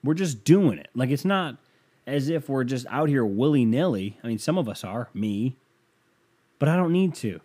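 A man's voice: mid-range voice, animated, normal speed, dark tone, slightly rough. A young man hosting a podcast, riffing in a casual comedic monologue, rambling and wry with lots of fillers. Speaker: podcast host.

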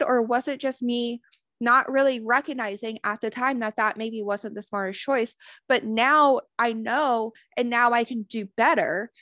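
A woman's voice: on the high side, steady tone, unhurried, pushed and bright, no echo, clean studio sound. A woman giving a motivational self-help talk as a spiritual wellness host, earnest, swearing freely and repeating affirmations.

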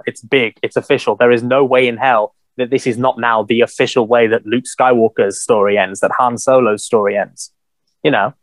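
A man co-hosting a casual podcast chat, animated and swearing freely with lots of "you know". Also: mid-range voice, no room sound. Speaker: podcast co-host.

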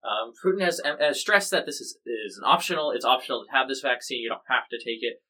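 A man's voice: mid-range voice, lively intonation, fast talker, pushed and bright, rough recording. An American man co-hosting a casual news podcast, explaining stories in a chatty, jokey, rambling way. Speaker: podcast co-host.

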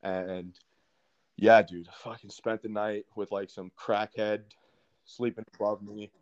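A man's voice: fairly low pitch, level tone, measured pace, no echo. A young man, a podcast guest, telling a story casually with lots of swearing and fillers. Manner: profane, many fillers. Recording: dry, slightly dull sound.

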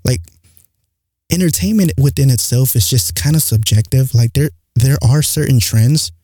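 Candid young man with a dark voice. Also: mid-range voice, moderate pace, breathy edge, no echo. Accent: non-standard English accent. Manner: rambling and candid, heavy use of "like". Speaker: podcast host. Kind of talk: casual monologue podcast. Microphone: studio mic close up.

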